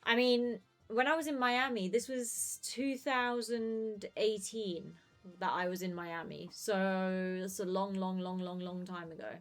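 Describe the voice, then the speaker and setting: British girl streamer rambling to chat mid-game, lots of ums and laughs, mid-pitched voice. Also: steady tone, measured pace, faint music behind. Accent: neutral British. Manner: chatty, rambling with many fillers; laughs easily while talking. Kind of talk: casual chat while gaming.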